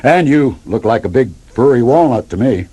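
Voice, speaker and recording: Man doing a deep, sly giant squirrel. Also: expressive, normal speed, mellow, close to an everyday voice. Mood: menacing.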